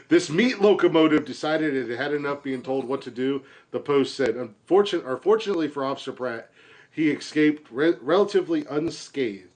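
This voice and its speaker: A man's voice: on the high side, expressive, normal speed, darkish tone. A man hosting a comedy podcast, reading a news story and riffing on it crudely while laughing at his own jokes. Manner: laughs through his own jokes, stumbles over words. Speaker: podcast host.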